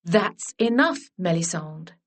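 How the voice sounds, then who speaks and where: A woman voicing a composed young governess who speaks crisply and coolly. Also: fairly low pitch, animated, slow, heavily acted. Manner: crisp and cool.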